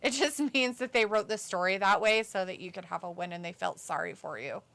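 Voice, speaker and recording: A woman's voice: medium pitch, fairly quick, vocal fry, a bit bright. A woman co-hosting a live stream, chatting casually, bluntly dismissive as she reads viewer comments aloud. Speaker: co-host of a wrestling watch-along stream.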